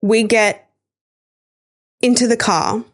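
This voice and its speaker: A woman's voice: on the high side, fairly even intonation, slow. A woman, hosting a podcast and candidly telling a painful personal story, emotional and swearing at times. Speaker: podcast host sharing her story.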